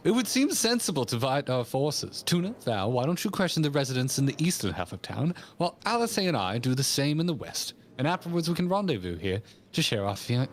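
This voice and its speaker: A man voicing an earnest, formal young male scholar, reading lines in a measured way. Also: medium pitch, very animated, a little hiss or hum, close to an everyday voice.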